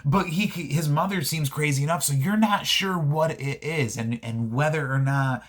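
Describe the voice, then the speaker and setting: Rambling, excitable man reviewing a film. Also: a little high, normal speed. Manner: rambling and enthusiastic, with frequent restarts. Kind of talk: casual spoken movie review.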